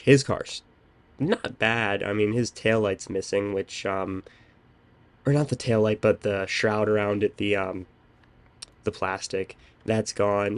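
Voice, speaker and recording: A man's voice: lowish voice, clear, resonant tone. A young man hosting a podcast, telling a story in casual chat with lots of ums. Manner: rambling storytelling with many "um"s. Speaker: podcast host.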